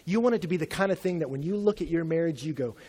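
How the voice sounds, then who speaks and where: A man's voice: fairly high pitch, lively intonation, rapid-fire, dark tone. A young adult man preaching a sermon as a pastor in a conversational, humorous storytelling way.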